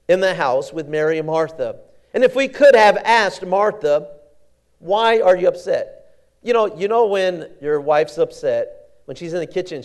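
A man's voice: high voice, darkish tone. A man preaching a sermon in a folksy, conversational storytelling way, often repeating words and restarting.

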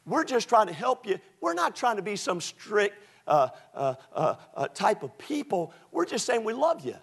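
Pastor guy preaching, high voice, goes from low story mode to shouting at the church. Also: very animated, moderate pace, vocal fry, slightly rough. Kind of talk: sermon.

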